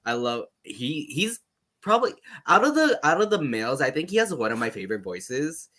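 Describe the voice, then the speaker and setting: A man's voice: mid-range voice, very animated, normal speed, bright, forceful tone. A man co-hosting a podcast in casual chat, enthusing with plenty of 'um' and 'like'. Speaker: podcast co-host.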